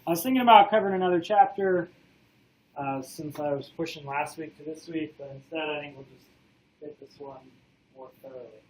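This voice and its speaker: Guy lecturing his class kinda hoarse, voice a bit high, lots of uh's and okay?. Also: fairly quick, a little hiss or hum, low-quality recording. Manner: casual, many "uh" fillers, checks in with "okay?". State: losing his voice. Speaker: college lecturer.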